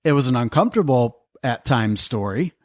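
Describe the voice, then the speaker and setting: A man's voice: mid-range voice, expressive, moderate pace, no room sound, studio quality. Affirming male podcast host. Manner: affirming, reflects back what he hears. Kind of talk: casual interview conversation.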